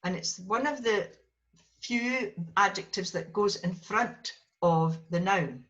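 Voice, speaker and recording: Woman teacher going slow and patient, bright voice, correcting each student's words, kinda dull lo-fi recording. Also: mid-range voice. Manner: patient, drills students by name and corrects pronunciation. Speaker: language teacher. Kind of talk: classroom lesson with learners.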